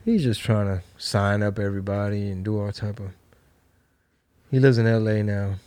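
A middle-aged man hosting a casual podcast chat, swearing freely and acting out the people in his stories with lively jumps in pitch. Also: moderate pace. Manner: laid-back, swearing storyteller. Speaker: podcast host.

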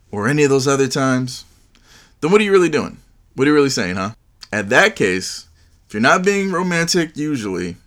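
Man, podcast host, casual chat, joking, rambling, mid pitch. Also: fairly bright tone.

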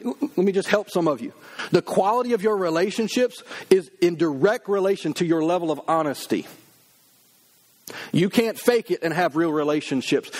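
A middle-aged man preaching a sermon, emphatic, acting out the voices of people he quotes. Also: high-pitched. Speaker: pastor.

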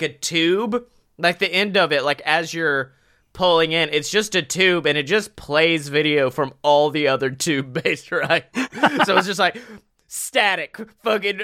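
A man on a podcast, telling a long comic story in a lively, laughing way and swearing freely. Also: sits high. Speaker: podcast co-host. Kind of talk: casual comedic podcast chat.

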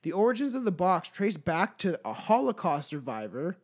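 A Canadian man with a notably high voice hosts a podcast in a casual chat. He tells stories loosely and profanely, often breaking into laughter. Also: very animated, normal speed, husky. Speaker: podcast host.

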